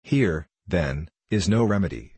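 A man reads as a scheming medieval knight, cool and mocking, lordly in his archaic speech. The voice sits very low and a little husky. It is recorded close and dry. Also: expressive, unhurried, darkish tone, dry recording, full character voice.

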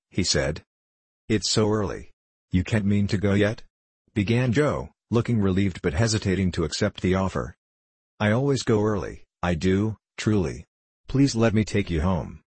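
A man's voice: low-pitched, a little mellow, slightly rough, no room sound. A man reading a classic novel aloud as an audiobook narrator, giving the characters only slight shifts of voice. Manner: reads all characters in a near-plain voice with slight shifts. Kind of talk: scripted narration.

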